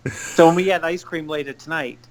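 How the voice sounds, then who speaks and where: A man's voice: fairly high pitch, steady tone, brisk. A middle-aged man co-hosting a casual talk show, speaking hesitantly with repeated words and dry humor. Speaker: podcast co-host. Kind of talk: casual chat.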